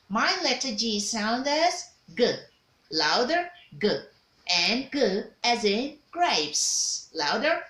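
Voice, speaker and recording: In an echoey room with faint ambience, a woman with a fairly high, bright voice and a forceful tone runs a pronunciation drill. She teaches diction by going over letter sounds and example words, praising her learners and having them repeat after her.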